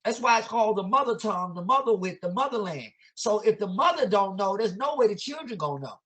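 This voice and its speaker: A man's voice: high voice, lively intonation, quick pace, a bit bright. Emphatic man lecturing with rhetorical questions. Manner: casual vernacular grammar. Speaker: educator guest. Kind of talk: impassioned conversational teaching.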